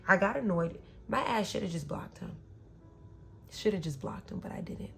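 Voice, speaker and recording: A woman's voice: medium pitch, lively intonation, normal speed, gravelly, fairly bright tone, slight background noise. A young woman telling a painful personal story in a candid, emotional way, often acting out what was said. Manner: candid, emotional, slips into quoted voices.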